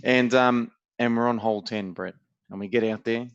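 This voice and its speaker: A man's voice: mid-range voice, moderate pace, clean tone, no room sound. Australian man telling a teasing story. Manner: animated teasing storyteller, swears freely. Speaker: podcast co-host. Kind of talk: casual banter, storytelling. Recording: dry, dull lo-fi sound.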